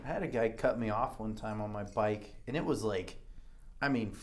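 A man in casual chat, telling animated motorcycle stories and swearing a lot. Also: lowish voice, moderate pace, slight background noise. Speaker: motorcycle rider.

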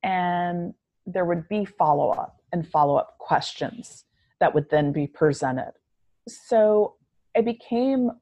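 Slow, gravelly-voiced woman guest. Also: lowish voice, warm tone, no room sound, muffled recording. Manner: measured, reflective, slow delivery. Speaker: podcast guest. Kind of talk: conversational interview answers.

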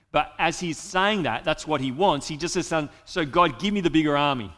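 A man's voice: on the high side, moderate pace, hardly any pauses, fairly bright tone, big-room sound. A man preaching a sermon in an earnest way, speaking directly to his listeners.

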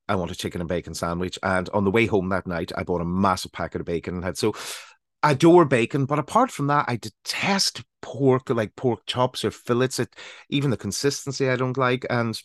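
A man in his forties from Northern Ireland, speaking with a Northern Irish accent, co-hosts a podcast and tells rambling personal anecdotes in casual chat. His voice is fairly low and fairly quick, with clean studio sound and no room sound.

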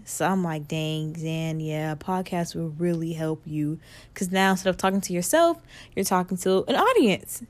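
A woman in her twenties hosting her own podcast, talking in a chatty, upbeat and animated way. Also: lowish voice. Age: 20s. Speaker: podcast host. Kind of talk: casual solo podcast chat.

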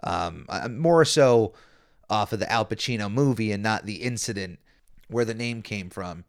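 A man's voice: lowish voice, animated, moderate pace, gravelly. A young man hosting a solo podcast, chatting and explaining in a casual way with frequent restarts and fillers. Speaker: podcast host.

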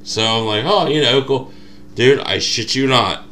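Animated storytelling man on a podcast. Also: medium pitch, unhurried. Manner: animated storyteller, acts out quotes. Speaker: podcast co-host. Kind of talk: casual chat.

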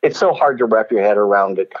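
A man with a lowish voice tells stories as an interview guest. He is animated, laughs often and acts out quoted lines. The audio is dull and lo-fi. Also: fast talker. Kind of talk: storytelling interview.

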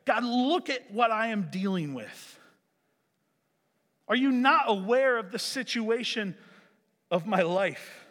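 Exasperated old-time patriarch pleading upward, high voice, big echoey hall as a preacher acts him out. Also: male voice, very animated, slow pace, bright, forceful tone, exaggerated voice. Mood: frustrated pleading. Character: frustrated pleading biblical patriarch, adult man.

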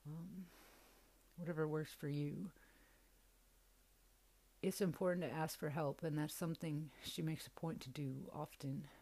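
A woman's voice: sits low, fairly even intonation, measured pace, long pauses, mellow. A young woman hosting a podcast, telling a personal story in a candid, casual way and swearing freely. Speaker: podcast host.

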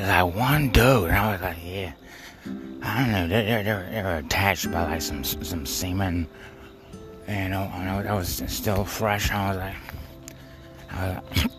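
Man, very low voice, rambling monologue, stammers and repeats, music playing behind. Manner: halting, stammering, repeats words, heavy fillers; profane, offhand.

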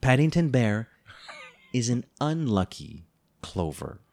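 A man's voice: mid-range voice, very animated, slow, a little mellow. A man co-hosting a book-review podcast, reading a plot summary with playful, teasing, mock-dramatic asides. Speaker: podcast co-host.

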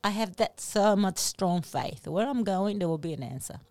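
A woman co-hosting a podcast, telling stories in an animated, earnest way with simple phrasing. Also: medium pitch, normal speed, no room sound. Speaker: podcast co-host. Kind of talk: casual chat, storytelling.

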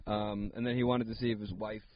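A man's voice: lowish voice, little pitch movement, a little fast, slight background noise. A young man hosting a solo comedy podcast, telling a rambling story full of fillers and asides. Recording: dull lo-fi dry sound.

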